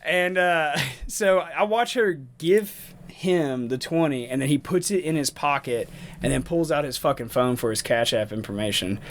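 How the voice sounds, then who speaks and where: A man's voice: fairly high pitch, expressive, moderate pace. A man co-hosting a podcast, telling a rambling, profane story in casual chat and laughing often. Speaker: podcast co-host.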